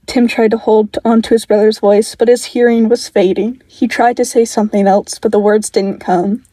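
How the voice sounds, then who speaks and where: A woman reading fan fiction aloud in a quiet, measured, earnest way. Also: mid-range voice, steady tone, no room sound, low-quality recording. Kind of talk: audiobook-style story reading.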